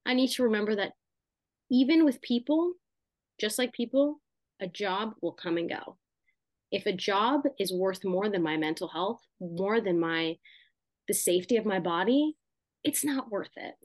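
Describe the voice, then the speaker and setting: A woman's voice: medium pitch, lively intonation, normal speed, dry recording. A young woman co-hosting a podcast, talking casually with lots of fillers and asides. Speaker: podcast co-host. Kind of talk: casual chat.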